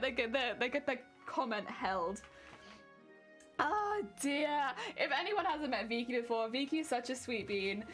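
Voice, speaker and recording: Giggly high-voiced British woman. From Britain. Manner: giggly, chatty, laughs often. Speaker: streamer. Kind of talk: casual live-stream chat while crafting.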